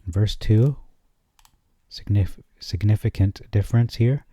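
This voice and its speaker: A man hosting his own channel, comparing scripture translations on screen and reading verses slowly before commenting dryly. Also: on the low side, warm tone, breathy edge, no room sound. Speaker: channel host.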